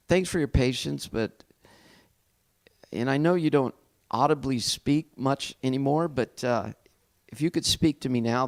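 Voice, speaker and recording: A middle-aged man speaks as a pastor sharing a personal testimony, his pitch sitting squarely in the middle range. He tells his story candidly and reflectively, with a self-deprecating edge. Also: creaky.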